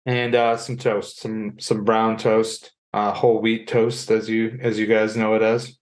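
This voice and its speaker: A man's voice: fairly low pitch, completely flat delivery, a little slow. A man co-hosting a podcast in casual chat, laid-back and hesitant, with lots of "uh" and "like". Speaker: podcast co-host.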